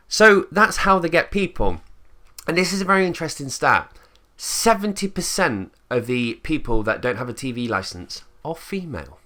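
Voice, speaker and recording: A man's voice: fairly high pitch, big pitch swings, moderate pace, pushed and bright. Blunt, sweary English man ranting. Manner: blunt and sweary, acts out quotes in put-on voices. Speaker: channel host. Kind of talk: casual ranting monologue.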